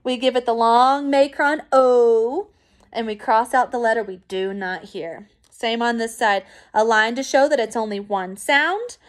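A woman teacher giving a recorded phonics lesson to young children, encouraging and clear. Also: a little high. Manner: slow, clear, encouraging classroom pacing.

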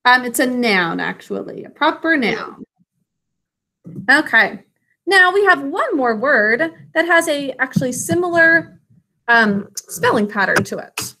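A woman teacher giving a spelling and phonics lesson, stretching out words slowly as she sounds them out and praising her students. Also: high voice, big pitch swings, bright, forceful tone. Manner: slow, drawn-out sounding out of words.

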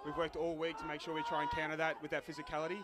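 An Australian man, a rugby player, answers a sideline interview at an outdoor stadium. He talks very fast in a level, even voice. He stays brisk and matter-of-fact. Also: a little high. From New South Wales, Australia. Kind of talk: post-try sideline interview.

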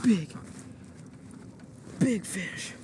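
A man vlogging from a kayak while fishing, exclaiming and talking excitedly to his viewers, short of breath. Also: high-pitched, drawn-out words. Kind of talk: excited outdoor commentary. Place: on a kayak on open water. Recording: noisy outdoor recording.

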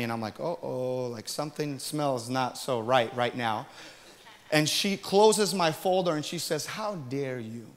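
A man preaching a testimony sermon, telling his story in an animated way and acting out the dialogue, swinging from hushed to loud. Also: fairly high pitch. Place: large church hall. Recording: long hall reverb.

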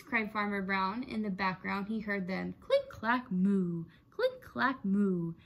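Reading a children's picture book aloud, this woman teacher uses an expressive storytelling manner. She speaks at a medium pitch and slow pace, with hardly any pauses.

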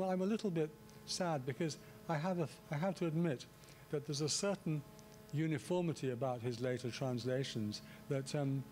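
A man delivering a public lecture in a relaxed, chatty way, often restarting his sentences and adding asides. His voice sits a little higher than usual for a man. A faint hum runs under the recording. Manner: conversational, many restarts and asides. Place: lecture hall.

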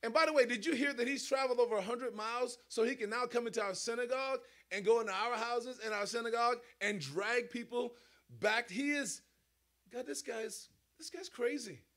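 A preacher acting out an exasperated, protesting disciple. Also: male voice, extremely high pitch, fairly quick, fairly bright tone. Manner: incredulous and protesting. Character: reluctant, exasperated disciple pleading with God.

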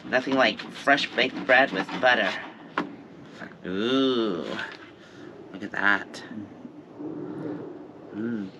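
A man's voice: fairly low pitch, extremely slow, long pauses, dull audio, noisy background. A man chatting cheerfully through a casual gardening vlog outdoors at a camp, cooing at his pets. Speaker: vlogger.

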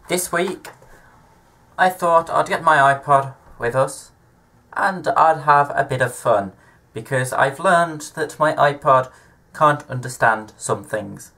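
Bright-voiced chatty man vlogging. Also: on the high side. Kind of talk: casual vlog chat.

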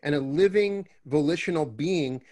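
Higher-voiced man asking searching questions. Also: moderate pace, a little mellow. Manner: searching, thinks aloud in long questions. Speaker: host. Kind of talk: casual interview conversation.

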